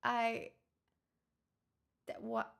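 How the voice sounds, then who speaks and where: Speaking very slowly in a fairly bright voice, a woman chats casually on her live stream, flustered and giggly. She thanks her viewers gratefully, talking in stops and restarts.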